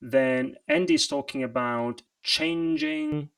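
A man who is not an English speaker, a presentation coach explaining vocal technique in a livestream interview, animated and practical. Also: on the high side, slow, vocal fry, smooth, distant mic.

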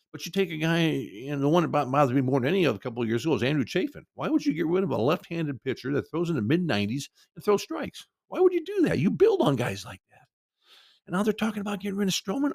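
A man hosts his sports talk show, venting with mock quotes and rising exasperation. His voice is gravelly and fried. The sound is close and dry, with no room. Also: a little high, no echo. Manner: frustrated ranting, mocking quotes.

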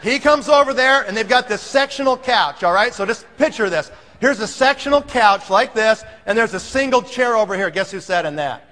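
A man telling a story to an audience, animated and acting out the scene. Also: high voice, moderate pace, hardly any pauses. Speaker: speaker telling a sales story. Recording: long hall reverb.

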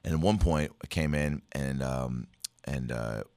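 Very deep-voiced man telling stories. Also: measured pace, darkish tone, smooth, no echo, clean studio sound. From Seattle area, USA. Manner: rambling, profane, puts on voices of old teachers. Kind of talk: casual storytelling chat.

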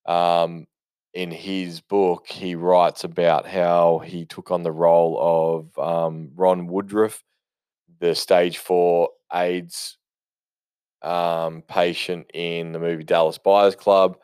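Man, very low and smooth voice, dry close sound, casual movie chat, rambling and profane. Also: level tone, slow pace, darkish tone, dry recording. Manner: rambling, profane, enthusiastic storytelling with many fillers. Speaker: movie commentator. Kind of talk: casual spoken movie commentary.

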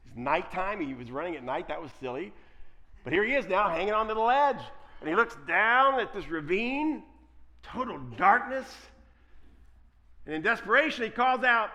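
Guy preaching a sermon, high voice, really animated, leans in hard on big points. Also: normal speed. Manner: animated preaching, swings between quiet asides and loud emphasis. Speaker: pastor.

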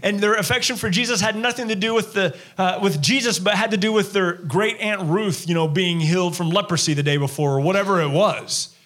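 A man delivering a church sermon with a fairly high-pitched voice. He preaches in a lively, animated way and slips into quoted voices to act out the crowd and Jesus. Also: brisk, hardly any pauses. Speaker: pastor.

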